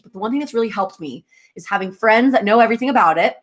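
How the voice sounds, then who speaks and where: A young woman from the United States talks casually to her livestream audience. She is chatty and animated and laughs often, and her voice sits at an ordinary middle pitch. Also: a little fast. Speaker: livestream host. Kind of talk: casual livestream chat with viewers.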